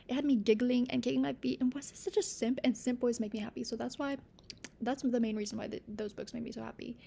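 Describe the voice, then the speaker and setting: Young woman, book vlogger, gravelly, mellow tone, gushing casual chat, soft near-whispers. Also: fairly high pitch, slight background noise.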